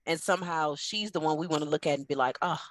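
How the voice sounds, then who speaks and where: A woman's voice: sits low, fast talker, no echo. A woman co-hosting a podcast, talking in an impassioned, emphatic way in casual chat. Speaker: podcast co-host.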